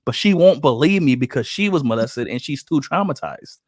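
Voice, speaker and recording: A man's voice: on the high side, fairly quick, no echo, studio quality. A man hosting a casual podcast, telling stories and acting out other people's quotes in a joking, profane way. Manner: animated storyteller who acts out other people's quotes. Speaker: podcast host.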